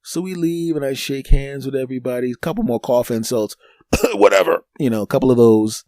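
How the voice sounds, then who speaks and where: A man's voice: medium pitch, a little fast, no room sound. A male comedian spins a long personal story on his podcast, his voice leaping way up whenever he mimics the people in it. The sound is close and dry, with no room around him. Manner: animated, acts out other people's voices in the story.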